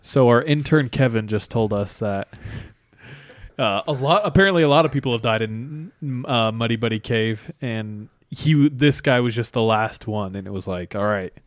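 Mid-pitched man joking in podcast chat. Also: no echo, clean studio sound. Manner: joking, reactive, quick to laugh. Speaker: podcast co-host. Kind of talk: casual chat.

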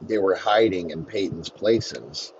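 A man's voice: low-pitched, takes it slowly, a little mellow, lo-fi sound, a little hiss or hum. A man hosting a podcast, delivering a profane, rambling comedic sports rant. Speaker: podcast host.

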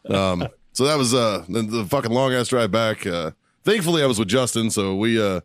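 A man's voice: lowish voice, expressive, moderate pace, no room sound. A man hosting a podcast, telling stories in casual chat, laughing often and swearing constantly. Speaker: podcast host.

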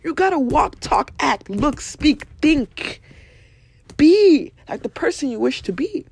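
A young woman hosting a podcast, giving blunt, animated motivational talk, swearing freely and laughing often. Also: sits high, takes it slowly, gravelly, dry recording. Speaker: podcast host.

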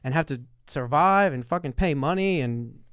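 A man's voice: a little high, normal speed, clear, resonant tone, no room sound, clean studio sound. Man with a New York accent. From New Jersey. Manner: animated, rambling. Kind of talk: casual chat.

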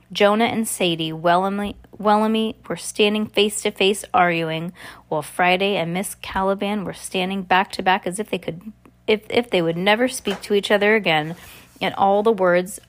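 A woman casually reading a novel aloud, stumbling over words and restarting, with muttered asides. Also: mid-range voice. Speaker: reader.

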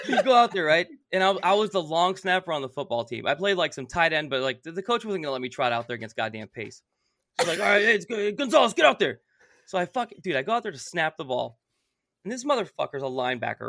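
Animated, high-voiced storytelling man. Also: no echo, clean studio sound. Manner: animated, profane, bursts into shouts while telling a story. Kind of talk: casual storytelling.

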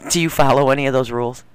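A middle-aged woman in casual banter with her husband, sarcastic and laughing, with quick comebacks. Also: rumbling low, clear, resonant tone, no room sound. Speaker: podcast co-host.

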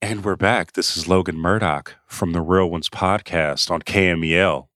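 A man hosting a sports podcast in a loud, punchy, teasing casual chat. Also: deep voice, steady tone, normal speed, dry recording, studio quality. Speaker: podcast host.

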